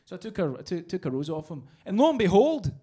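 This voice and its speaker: A man's voice: high voice, sing-song, fast talker, mellow, husky. A Scottish man doing a profane stand-up set in a small bar, telling a story and acting out its voices. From Scotland. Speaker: stand-up comedian. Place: small bar with live audience.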